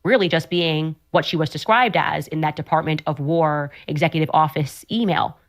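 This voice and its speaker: A woman's voice: deep voice, fairly even intonation, moderate pace. A woman hosting an opinionated commentary show, talking in a sarcastic, combative way. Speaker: host.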